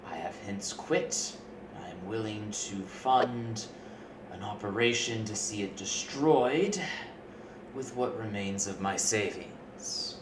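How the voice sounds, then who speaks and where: A man's voice: on the low side, takes it slowly. Man voicing a solemn ex-engineer patron. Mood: earnest. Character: disillusioned former engineer funding a sabotage, grave. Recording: distant roomy mic with background noise.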